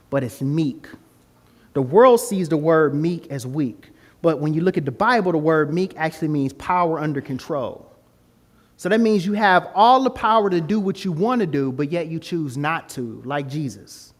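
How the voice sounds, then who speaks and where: Man, fairly high voice, lively storyteller giving a testimony, informal grammar. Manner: animated storytelling, acts out voices with high pitch jumps. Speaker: guest speaker. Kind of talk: testimony talk to a student group.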